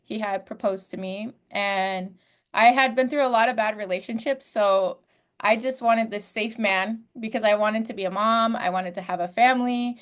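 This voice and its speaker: A woman's voice: medium pitch, normal speed. A woman, a podcast guest in her twenties, telling her life story in a candid, heartfelt way with frequent fillers. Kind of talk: personal storytelling.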